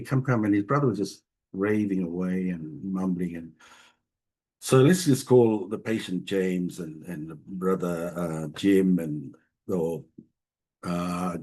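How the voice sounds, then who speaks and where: A man's voice: on the low side, breathy edge. A middle-aged man, a family doctor telling stories in an interview, joking and restarting his sentences often. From Tonga. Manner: warm, jokey storyteller with frequent restarts. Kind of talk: storytelling interview talk.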